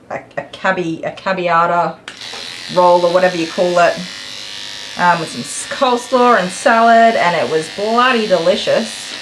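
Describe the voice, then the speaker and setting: A woman's voice: on the low side, noisy background. A woman, chatting on and on to her viewers while she grooms dogs in her salon. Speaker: dog groomer streaming live. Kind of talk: chatty live stream while working. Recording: clipper buzz behind the voice.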